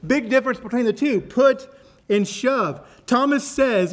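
High-voiced man preaching emphatically. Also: measured pace. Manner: emphatic preaching, repeats and stresses key words, speaks directly to the congregation. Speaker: pastor. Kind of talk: sermon. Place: church.

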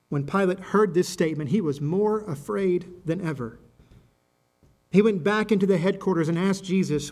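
Guy pastor with a pretty high voice reading scripture, gets loud and punchy on the quotes. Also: moderate pace. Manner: reads with emphatic raised voice for quoted speech. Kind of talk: sermon scripture reading and prayer.

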